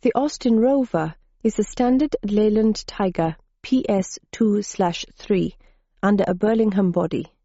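A woman's voice: mid-range voice, a little slow, warm tone, no echo, lo-fi sound. A woman voicing a tall, earnest Swedish woman scientist who explains technical things politely, in a Swedish accent.

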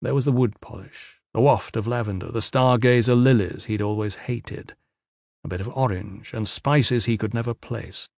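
A man reading a fantasy novel aloud in measured, even scripted narration. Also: mid-range voice, creaky, dry recording, studio quality. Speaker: audiobook narrator.

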